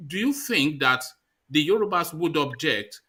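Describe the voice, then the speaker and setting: Bright-voiced male talk show host. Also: fairly high pitch, lively intonation, a little slow, breathy edge. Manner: interrupting, teasing, stammering repeats. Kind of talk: talk radio discussion.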